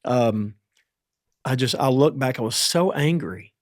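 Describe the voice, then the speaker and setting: Man talking haltingly, dry studio sound. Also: mid-range voice, lively intonation, dry recording. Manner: halting, with many restarts and fillers. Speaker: podcast host. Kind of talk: candid conversation about parenting.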